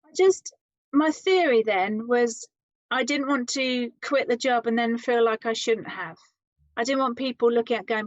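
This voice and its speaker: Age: unknown. Sex: woman. Pitch: fairly high. Role: interview guest. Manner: animated storyteller. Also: normal speed, no room sound. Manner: lively storyteller, acts out quoted voices. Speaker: interview guest, adventure psychologist. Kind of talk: conversational storytelling. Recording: slightly muffled, dry sound.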